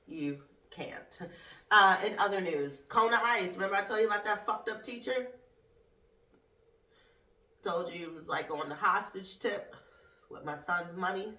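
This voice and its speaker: At a medium pitch with a sharp tone, this adult woman, mother of a school-age son, rants through her casual comedy podcast, cursing and laughing as she goes. Her delivery is measured and lively with frequent pauses, and the audio is distant and roomy.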